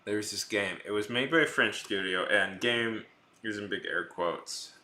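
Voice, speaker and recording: Chatting with his live stream audience while he makes art, this young man jokes and wanders off topic, frequently starting sentences over. He speaks at a normal speed in a fairly low, sharp-toned voice, with roomy echo around it.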